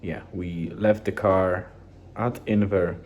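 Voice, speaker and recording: Low, dark-voiced man rambling casually. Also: unhurried, muffled recording. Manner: rambling, relaxed, with many restarts and fillers. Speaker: vlogger. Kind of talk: casual daily journal vlog.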